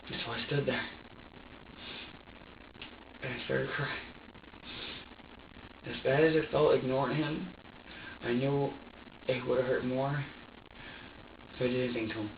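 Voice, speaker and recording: A man's voice: medium pitch, steady tone, measured pace, gravelly, long pauses, noisy background. A man under police interrogation, talking in an agitated, rambling way and swearing heavily. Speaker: interrogation suspect. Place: interrogation room. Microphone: distant room mic. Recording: dull echoey room audio from far off.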